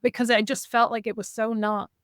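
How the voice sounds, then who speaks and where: A woman guest in a casual interview, telling stories in a lively way and acting out what people said. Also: a little high, brisk, clean tone, dry recording, clean studio sound. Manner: lively, acts out quoted dialogue. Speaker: podcast guest, intuitive reader.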